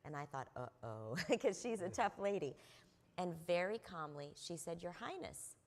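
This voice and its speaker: A woman's voice: lowish voice, animated, normal speed. A middle-aged woman on a convention panel, telling earnest stories about mentors with plenty of ums and uhs. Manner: earnest anecdotal storyteller with frequent fillers. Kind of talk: conference panel storytelling. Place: convention stage.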